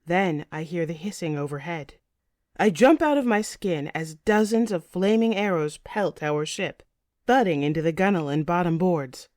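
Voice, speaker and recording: A woman reads a first-person fantasy audiobook with intense, vivid delivery. Her voice sits somewhat low. The studio sound is close and dry. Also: animated, moderate pace, darkish tone, no echo. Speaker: audiobook narrator.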